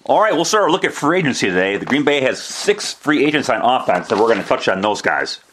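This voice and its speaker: A man's voice: mid-range voice, big pitch swings, quick pace, a bit bright, a little hiss or hum. A man hosting a solo sports podcast, talking in a chatty, rambling way with restarts and self-deprecating asides. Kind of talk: casual solo podcast commentary.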